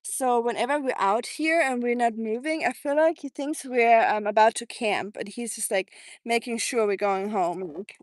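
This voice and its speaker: A woman's voice: a little high, normal speed, few pauses, dry recording. A woman from Germany with a German accent, chatting casually on a live stream during an outdoor walk, laughing often and cooing at her dog. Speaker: livestreaming vlogger. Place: outdoors by water on a sunny walk.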